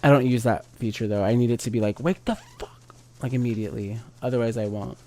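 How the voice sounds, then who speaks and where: A man's voice: mid-range voice, fairly even intonation, quick pace, mellow. A tipsy man chatting casually while streaming a game, rambling with lots of fillers.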